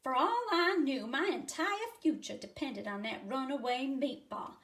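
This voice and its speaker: A woman's voice: sits high, animated, measured pace, a bit bright, a little hiss or hum. A woman voicing a talkative dog restaurant owner in a put-on Southern US accent, reading a picture book aloud. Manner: folksy storytelling drawl.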